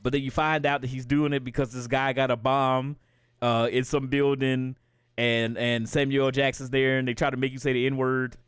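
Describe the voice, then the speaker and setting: A man's voice: medium pitch, little pitch movement, moderate pace, clear, resonant tone, no room sound, clean studio sound. A man streaming a game live, rambling in profane, casual commentary and laughing often.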